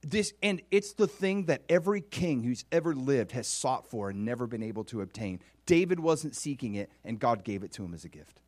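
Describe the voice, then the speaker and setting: A man's voice: mid-range voice, no room sound. A man preaching a sermon, asking his listeners questions and acting out scripture with growing feeling. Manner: animated, acts out biblical speech with rising emotion; asks the audience questions and waits for answers. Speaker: pastor.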